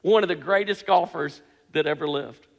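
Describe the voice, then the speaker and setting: A man's voice: a little high, moderate pace, vocal fry. A man preaching a sermon in an earnest, emphatic way, repeating his key phrases. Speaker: pastor. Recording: long hall reverb.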